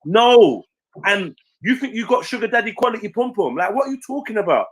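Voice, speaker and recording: A man, telling a story in casual chat, animated and slangy, swearing freely and acting out what others said. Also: sits high, brisk, slightly rough, poor audio. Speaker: stream panelist.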